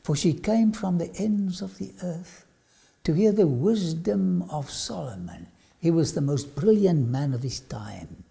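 A man's voice: fairly high pitch, animated, vocal fry, warm tone. A man preaching a dramatic sermon-style lecture, often dropping suddenly to a whisper. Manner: slow dramatic delivery with sudden drops to a whisper.

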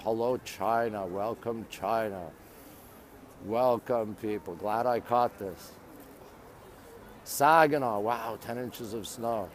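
A man's voice: medium pitch, darkish tone, a little hiss or hum. Chatty man live-streaming outdoors. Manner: chatty, repeatedly greets viewers and says "there you go". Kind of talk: live-stream chat, reading out viewer comments. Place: outdoors at a city landmark.

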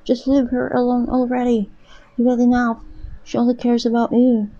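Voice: medium pitch, completely flat delivery, normal speed, warm tone, no echo, voice pushed up, close to an everyday voice. A storyteller voicing a scared but brave young boy who pleads in a shaky voice to protect his sister, in a storybook reading. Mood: pleading. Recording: dull lo-fi recording, voice set back.

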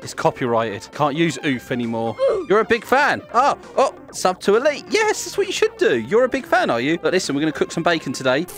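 A man's voice: on the high side, very animated, brisk, few pauses, a bit bright, soft background music. A young man hosting a gaming video, giggling and teasing players as he plays. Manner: giggly, teasing, laughs often. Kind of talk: playful gameplay commentary.

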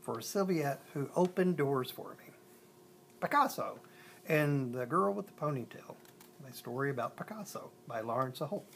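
A storyteller reading a children's picture book aloud. They often stumble and restart, and they slow down on lists. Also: medium pitch, animated, vocal fry.

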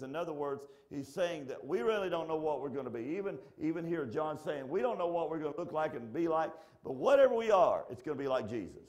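A man preaching a fervent sermon in a church. His voice sits a little high for a man, leaps up into shouts and then drops to a near whisper, and he pushes each point home with repetition. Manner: fervent preaching, swinging from shouts to hushed asides. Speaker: pastor. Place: church sanctuary.

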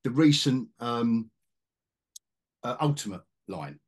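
A man in middle age talks comics in a casual podcast chat, his voice husky with a slightly breathy edge. His pitch moves a lot as he rambles, restarting phrases and tossing in wry asides. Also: lively intonation, slow pace. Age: middle-aged. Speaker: podcast host, comic collector.

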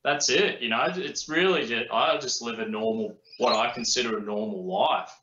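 A man's voice: mid-range voice, moderate pace, sharp tone, slight background noise. A young man from New Zealand with an Australian accent, chatting casually as an interview guest in a laid-back, rambling way with many fillers. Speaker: guest YouTuber. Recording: echoey, muffled remote call audio.

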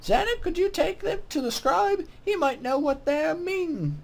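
A man voicing a young female cave goblin in a high falsetto with a deliberately bad mock British accent. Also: lively intonation, vocal fry, full character voice. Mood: chirpy. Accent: mock British, done badly. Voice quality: high, sing-song falsetto.

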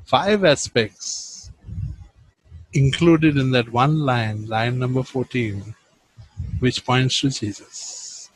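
A man preaching a sermon, reading Bible verses and swinging from loud emphasis to hushed tones. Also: medium pitch, slow pace, husky, no room sound, poor audio.

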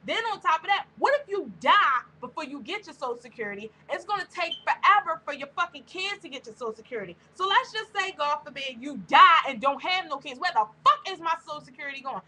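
A woman vlogger ranting to camera in a heated, blunt voice, with constant cursing. Her voice sits high and sounds bright and sharp. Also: expressive, quick pace, hardly any pauses, slight background noise, poor audio. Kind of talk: angry profane rant to camera.

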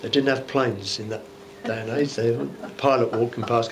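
A man's voice: medium pitch, steady tone, normal speed, noisy background. A man, a bishop, preaching an informal Bible teaching sermon in a church, musing aloud with conversational rhetorical asides.

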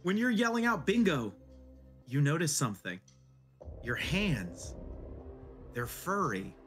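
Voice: mid-range voice, huge pitch swings, a little slow, fairly bright tone. A game master narrating a tabletop game casually, with filler words. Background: music.

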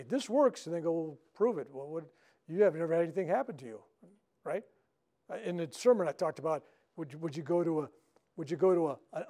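In a spiritual center meeting room, an older minister tells stories in a chatty way while running a workshop for a live audience, frequently tagging his sentences with "right?". His voice is on the high side and a little mellow.

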